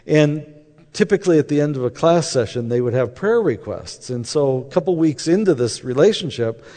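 A man's voice: fairly high pitch, lively intonation, moderate pace, mellow. A man telling a faith story in a conversational way, acting out the dialogue as he goes. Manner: conversational, acts out quoted dialogue. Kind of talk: anecdotal storytelling talk. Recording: long hall reverb.

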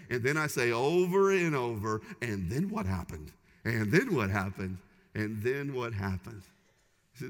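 A man's voice: medium pitch, pushed and bright. A man preaching a sermon as pastor, conversational and humorous with punchy repeated phrases. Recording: long hall reverb.

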